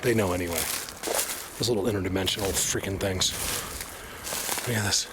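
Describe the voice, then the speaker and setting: A man vlogging as he walks through a forest, rambling excitedly and sometimes dropping to a hushed voice. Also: sits low, brisk. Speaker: bigfoot researcher vlogger. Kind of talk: casual walking vlog. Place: outdoors in a forest. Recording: outdoor ambient noise.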